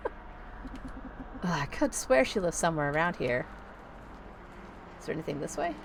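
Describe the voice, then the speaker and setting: A woman's voice: low voice, animated, a little fast, gravelly, a little hiss or hum. A woman streaming a horror game live, joking and reading the dialogue aloud in a playful way. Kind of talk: casual live gameplay commentary.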